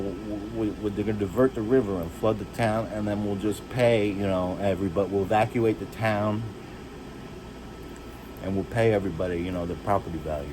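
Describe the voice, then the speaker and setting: A man telling rambling, halting stories about his childhood, jumping from one memory to the next. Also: background noise. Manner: rambling, halting, restarts and jumps between stories; shouts and jumps high when acting out others. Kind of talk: rambling personal storytelling.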